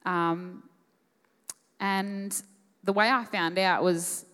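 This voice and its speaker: A woman's voice: medium pitch, fairly even intonation, fairly bright tone, smooth. Emotional Australian woman in an echoey hall. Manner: emotional, halting, many fillers. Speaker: conference guest speaker. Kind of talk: personal story on stage. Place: live conference hall.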